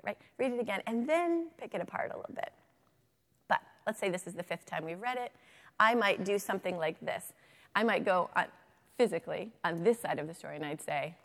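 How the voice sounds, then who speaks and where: A woman giving a lively workshop to teachers, reading picture books aloud and checking in often with her audience. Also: medium pitch, creaky, in a large hall. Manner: animated, chatty, checks in with "right?". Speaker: literacy workshop presenter for teachers.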